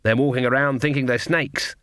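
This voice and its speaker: A man's voice: medium pitch, fairly even intonation, fairly quick, a bit bright, smooth, no room sound, clean studio sound, natural voice. Man voicing Granny Weatherwax, stern old witch. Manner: curt, commanding. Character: sharp-tongued old witch woman, stern.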